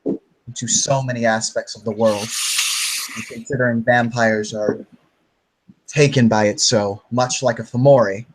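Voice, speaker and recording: A man playing a tabletop role-play game, excitable and quick to swear. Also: lowish voice, poor audio. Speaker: player. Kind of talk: casual tabletop chat.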